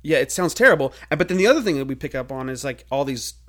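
A young man riffing as a podcast co-host. He talks in loose, animated bursts full of fillers and quick laughs. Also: medium pitch. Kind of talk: casual podcast banter.

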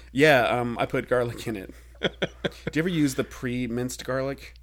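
A young man co-hosting a podcast in casual banter, animated, laughing often and leaning on fillers. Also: medium pitch, normal speed. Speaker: podcast co-host.

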